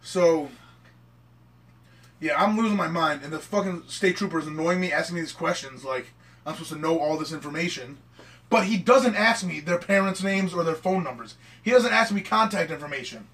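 A young man with a high, bright voice tells a story in rambling, excitable bursts, and he swears constantly along the way. He sits a little back from the mic. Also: fairly quick. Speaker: storyteller among friends. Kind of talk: casual podcast chat. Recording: mic at a distance.

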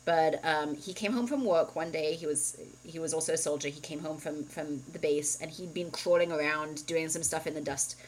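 A woman's voice: deep voice, moderate pace, few pauses, a little hiss or hum, rough recording. Chatty woman telling a personal story. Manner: candid, chatty storytelling with frequent "like" and "um". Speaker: podcast co-host. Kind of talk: casual chat.

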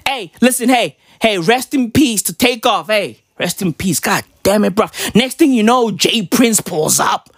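A woman's voice: mid-range voice, expressive, a little slow, hardly any pauses, breathy edge, no room sound, studio quality. A woman doing a rambling, irreverent comic rant, exclaiming and tagging "right?" onto her lines. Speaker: comedian.

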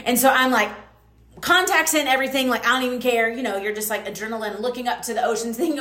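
A woman hosting a podcast, telling a personal story in a chatty, animated way with lots of asides. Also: a little high, fairly quick. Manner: chatty, animated, full of fillers and quoted asides. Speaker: podcast host. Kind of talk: casual storytelling monologue. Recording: roomy echo.

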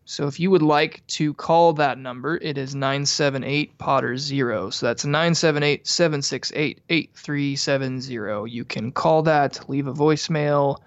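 A man's voice: mid-range voice, normal speed, few pauses, dry recording, lo-fi sound. A man co-hosting a casual podcast, chatting and reading out show details. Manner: chatty, reads out show info. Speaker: podcast co-host.

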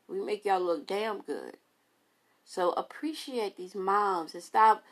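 A woman, a mother, talking casually and emphatically to her podcast listeners, repeating phrases for effect. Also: medium pitch. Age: adult mother. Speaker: podcast host.

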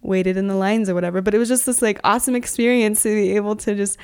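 A woman's voice: medium pitch, steady tone, quick pace, darkish tone, clean tone. A young woman chatting as a podcast guest, telling travel stories in an upbeat way, with lots of "like". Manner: chatty, upbeat, heavy use of "like". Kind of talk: casual podcast storytelling.

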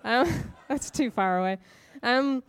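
A middle-aged woman preacher talks her way through a sermon like a friendly chat. She laughs easily and pokes fun at herself. Her voice is smooth and clear. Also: fairly high pitch, slow pace. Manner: chatty, laughs often, self-mocking. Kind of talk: conversational sermon with personal stories.

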